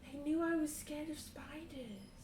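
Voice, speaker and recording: A woman's voice: high-pitched, expressive, measured pace, background noise. A woman voicing a small, eager girl in a tabletop game, earnest and childlike, recorded roomy and far from the mic.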